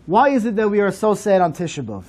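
High-voiced man telling an earnest story. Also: sing-song, quick pace, darkish tone. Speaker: speaker at a memorial program. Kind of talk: storytelling address.

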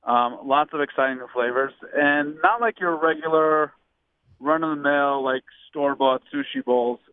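A man with a Baltimore accent calling in as a guest, talking in a relaxed way with lots of fillers. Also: on the high side, normal speed, clear, resonant tone, dry recording. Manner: relaxed, uses many fillers like "like". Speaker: guest on the phone. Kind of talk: casual radio phone interview. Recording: tinny phone line.

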